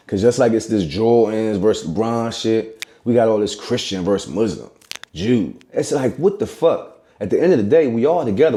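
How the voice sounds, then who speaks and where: A man's voice: fairly low pitch, mellow. A man hosting his own podcast, talking loosely and profanely in casual solo commentary. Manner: loose, profane, conversational street talk. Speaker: podcast host.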